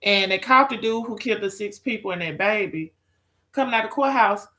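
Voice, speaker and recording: A woman's voice: medium pitch, brisk, pushed and bright. A woman chatting with viewers on a live stream, sassy and profane, calling people girl, child and honey. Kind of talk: casual live-stream chat.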